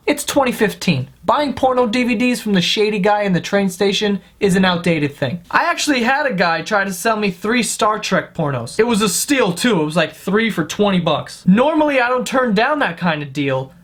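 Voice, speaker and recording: A male comedian delivers a profane, exasperated rant in the style of a stand-up monologue. He argues his points with scornful disbelief and lots of swearing. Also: high-pitched.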